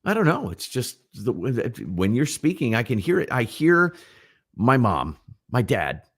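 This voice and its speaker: A middle-aged man co-hosting a casual livestream chat, telling rambling, animated stories. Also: mid-range voice, unhurried, husky. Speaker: livestream co-host.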